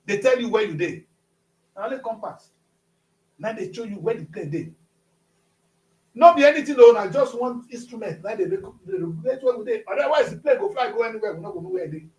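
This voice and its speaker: Animated high-voiced Nigerian man, echoey. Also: fairly quick, recorded from a distance. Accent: Nigerian Pidgin-inflected English. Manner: animated, switches into Pidgin, rhetorical questions. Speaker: co-host. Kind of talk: talk-show commentary. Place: studio. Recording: echoey, from off-mic.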